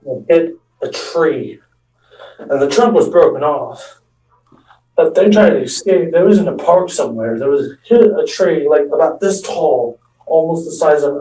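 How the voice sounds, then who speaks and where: This young stand-up comedian rambles through a prank story in stop-start fashion, often restarting and acting out what people said. His slightly high voice sounds soft and mellow, captured from afar in an echoey room.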